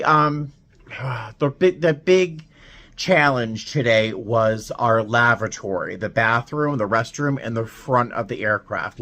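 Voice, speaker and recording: A man's voice: mid-range voice, fairly bright tone. Emotional man telling a dramatic story. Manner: emotional, dramatic storyteller with sudden emphatic swings. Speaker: flight attendant vlogger. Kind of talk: casual vlog storytelling.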